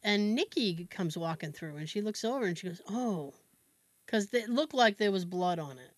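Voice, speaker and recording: A woman co-hosting a podcast spins a family story in relaxed chat. Her voice swings widely in pitch, and she slips into quick impressions of her relatives, laughing as she goes. The sound is dry and close, with almost no room in it. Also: no room sound. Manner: animated, acts out family members' voices, laughs often. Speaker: podcast co-host.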